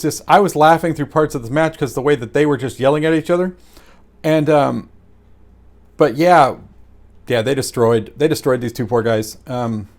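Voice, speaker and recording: Guy rambling thru a wrestling recap, kinda high voice, lots of ums and laughs. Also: fairly quick. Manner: rambling and animated, with many fillers and laughs. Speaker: wrestling show reviewer. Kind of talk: casual solo review.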